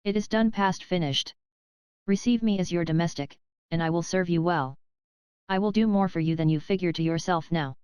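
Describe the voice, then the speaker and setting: A woman's voice: lowish voice, normal speed, darkish tone, smooth, no room sound, natural voice. A woman reading the part of a passionate young French lady's maid who pleads fervently. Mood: pleading.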